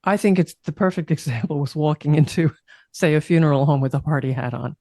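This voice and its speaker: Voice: medium pitch, fast talker, a little mellow, dry recording, clean studio sound. An interviewer asking thoughtful questions in a casual chat, hesitating at times and laughing along.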